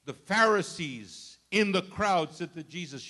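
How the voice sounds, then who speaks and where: An older man, a grandfather, preaching a sermon with dramatic storytelling that swings from loud outbursts to hushed asides. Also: high-pitched, expressive, measured pace, hardly any pauses. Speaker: pastor.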